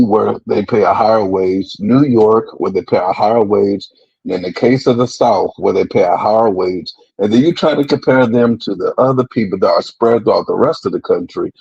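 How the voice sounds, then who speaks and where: Gravelly, husky man on a dull line. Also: fairly low pitch, a little mellow, no echo. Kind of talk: casual debate. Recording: dull lo-fi dry sound.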